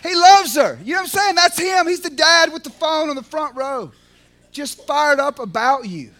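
A man with a drawl preaching with fervor in a notably high, bright voice. He drops to near-whispered prayer, then bursts into loud, fired-up shouts, tripping over repeated words as he goes. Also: normal speed. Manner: swings from hushed prayer to shouted excitement; repeats words and restarts, casual fillers like man and you know. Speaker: podcast speaker at a recovery ministry. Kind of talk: impassioned preaching.

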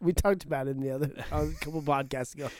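A man's voice: fairly high pitch, fairly even intonation, racing, a crowd in the background. A man co-hosting a podcast in casual chat, laughing often and teasing his co-host with profane jokes.

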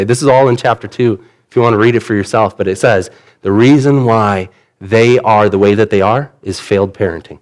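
A man's voice: medium pitch, a little mellow. Earnest man preaching a sermon. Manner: earnest, conversational preaching with vivid paraphrase. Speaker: pastor.

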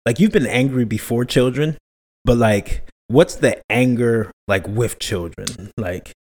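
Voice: mid-range voice, measured pace, darkish tone. A co-host in casual chat who jokes bluntly, asks questions and swears freely. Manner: blunt, joking, profane.

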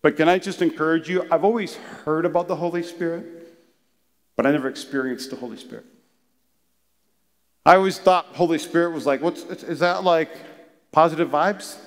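A male pastor giving a lively, conversational sermon, breaking into acted asides. His voice sits high for a man. The room carries a long reverb, as in a large church hall. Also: moderate pace, long pauses.

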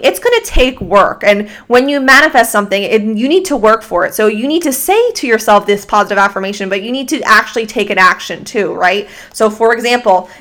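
A woman hosting a solo motivational podcast, talking into a microphone with energetic, casual pep-talk delivery, swearing freely and slightly out of breath. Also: on the high side. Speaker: podcast host and fitness coach. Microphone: studio microphone.

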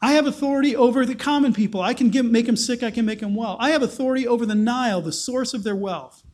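A man's voice: extremely high pitch, fast, darkish tone. A man speaking as God in a Bible retelling, firm and insistent, with a string of rhetorical questions. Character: God, a patient, firm all-powerful male deity.

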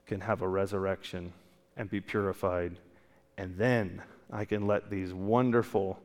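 A man voicing God the Father in a sermon, as a holy and loving figure who speaks softly and slowly. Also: lowish voice, in a large hall. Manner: soft, slow and hushed.

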